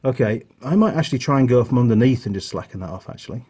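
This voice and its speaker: A middle-aged man with a husky, slightly rough voice talks through a car job in his home workshop. His delivery is chatty and relaxed, full of asides and self-deprecating jokes, pitched at a middle height for a man. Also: fast talker. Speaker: mechanic host. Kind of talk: casual workshop tutorial.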